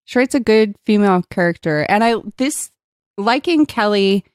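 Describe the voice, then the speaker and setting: A woman's voice: medium pitch, lively intonation, moderate pace, smooth, no room sound, clean studio sound. A woman co-hosting a podcast, chatting animatedly about a book, laughing often and acting out the characters' lines. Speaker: podcast co-host. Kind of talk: casual book-discussion chat.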